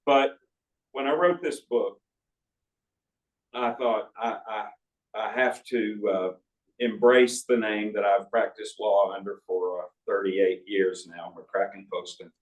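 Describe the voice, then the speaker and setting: A man's voice: lowish voice, fairly even intonation, slow. A man in his sixties, an author, telling folksy stories with asides to a live audience in an arts center auditorium. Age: 60s. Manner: folksy anecdotal storytelling with asides. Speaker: author at a book talk. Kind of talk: storytelling talk to an audience. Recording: roomy hall audio from a distance.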